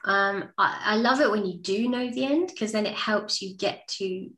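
An author, a woman, speaks as a guest in a relaxed, thoughtful way. Her voice sits in a middle range. The room gives it a noticeable echo. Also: medium pitch, moderate pace. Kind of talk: interview.

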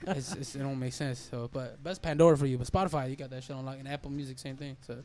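A man's voice: medium pitch, fairly even intonation, quick pace, a crowd in the background. A man guesting on a podcast, telling stories in loose, slangy casual chat and laughing often. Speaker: band member guest.

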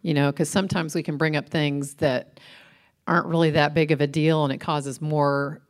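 Low-pitched woman, middle-aged, casual faith chat co-host, laughs through her stories. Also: normal speed. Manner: laughs often, animated storytelling.

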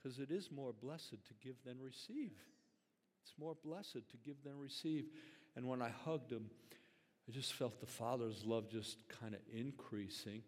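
A man's voice: medium pitch, unhurried. An older man, a grandfather and pastor, telling a story in a conversational, earnest sermon full of fillers. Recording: long hall reverb.

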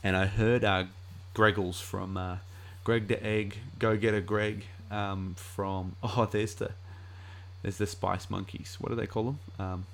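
Chatty streamer dude rambling along, low gravelly voice, lots of ums. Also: male voice, flat delivery, unhurried. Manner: rambling, chatty, many fillers. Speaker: live streamer. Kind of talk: casual live-stream commentary.

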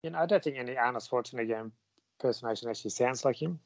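A man's voice: mid-range voice, rapid-fire, vocal fry, dry recording. Playful man, dry close podcast sound. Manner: playful, stumbles and laughs at himself. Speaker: podcast co-host. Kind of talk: casual chat.

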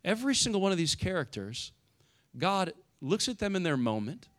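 A middle-aged male pastor preaching in a relaxed, conversational way, leaning on little "right?" tags. His voice sits a bit higher than most men's and moves a lot, rising into loud emphasis and then dropping low and soft. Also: moderate pace. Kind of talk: sermon.

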